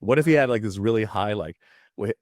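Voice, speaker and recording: Man, 50s, American, low and expressive; interview guest who slips into voices mid-story, dry close sound. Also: fast, no echo. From United States. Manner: animated, acts out voices while telling stories. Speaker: actor, podcast guest.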